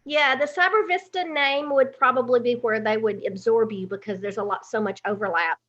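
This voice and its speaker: Southern female guest, Alabama accent, fairly high voice, chatty with fillers, muffled lo-fi call audio. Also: normal speed, fairly bright tone. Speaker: guest, content manager. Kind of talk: casual interview chat.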